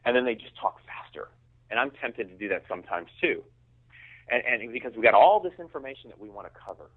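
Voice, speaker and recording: A man's voice: mid-range voice, animated, fast talker, husky. A man speaking as an interview guest. He talks emphatically and often repeats words as he starts a sentence. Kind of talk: conversational business interview. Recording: tinny phone line.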